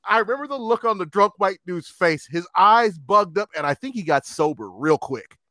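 A man in his fifties telling a story in casual chat, animated and profane, often laughing. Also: high-pitched, normal speed, dry recording. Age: 50s.

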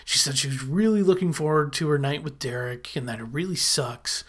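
A chatty recapper retelling a sitcom episode in a casual, animated way, quickly acting out short quoted lines. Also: medium pitch, husky.

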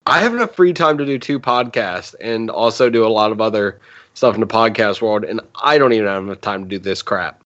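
A man's voice: on the low side, fairly quick, fairly bright tone, lo-fi sound. A man co-hosting a podcast in casual chat, rambling, laughing and stumbling over his words. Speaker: podcast co-host.

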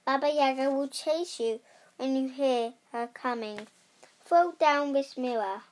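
A young reader voicing a skinny, scheming black cat with a coaxing manner. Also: female voice, high-pitched, unhurried.

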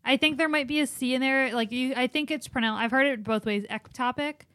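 A young adult woman co-hosting a casual talk show, explaining her views in a measured, thoughtful way. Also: high-pitched, a bit bright, no echo, clean studio sound. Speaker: podcast co-host. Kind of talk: casual opinionated chat.

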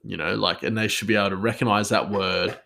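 Male chef, casual podcast monologue; lower pitch, hesitant, rambling, laughs easily. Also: fairly even intonation, fast talker, vocal fry, bright, forceful tone.

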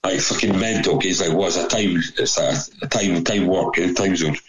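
Deep-voiced man spinning a sweary yarn. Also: moderate pace, poor audio. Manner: sweary, rambling, laughing storyteller. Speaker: storyteller. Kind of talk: casual anecdote.

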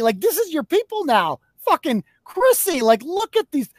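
A man's voice: very high voice, very animated, moderate pace, hardly any pauses, pushed and bright, dry recording. A man hosting a podcast, ranting in a profane, combative and mocking way. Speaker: host. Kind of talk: heated podcast rant.

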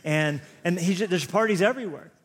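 A man's voice: high-pitched, fairly quick, husky. Man preaching in a reverberant hall. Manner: rambling, self-deprecating storyteller with many restarts. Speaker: pastor. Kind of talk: sermon with personal stories.

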